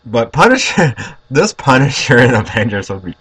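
A man's voice: medium pitch, big pitch swings, normal speed, fairly bright tone. A man co-hosting a casual movie podcast, easygoing and chuckling, with casual swearing. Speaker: podcast co-host.

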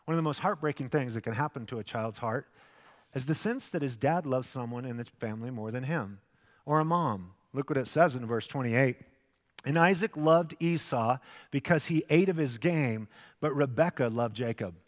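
A man in his fifties preaching a sermon with acted asides, swinging from loud bursts to hushed, soft passages. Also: mid-range voice, brisk. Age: 50s. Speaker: pastor. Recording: long hall reverb.

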